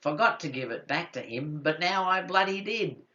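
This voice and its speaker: A man's voice: a little high, lively intonation, normal speed, bright, forceful tone, dull audio, pitched above the performer's own voice. A man voicing a laconic male kangaroo shooter at a bar who talks in an offhand drawl.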